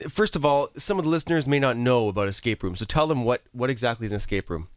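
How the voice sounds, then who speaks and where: A man's voice: mid-range voice, animated, fast talker, no echo, clean studio sound. A man with a Canadian accent hosting a radio show, friendly and filling gaps with "uh". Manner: friendly, hesitant with fillers. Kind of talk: casual radio chat and scripted segment intro. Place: radio studio.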